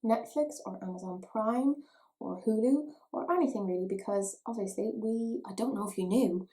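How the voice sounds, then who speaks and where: An Irish beauty vlogger films a casual makeup tutorial at home, chatting playfully and poking fun at herself as she applies her makeup. Her voice is mid-range with a dark tone, she speaks at a moderate pace, and the recording is rough.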